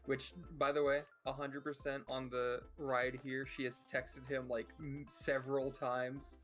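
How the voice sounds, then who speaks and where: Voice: medium pitch, little pitch movement, unhurried, a bit bright, faint music behind. Casual tabletop player, chatty. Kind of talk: casual tabletop game play.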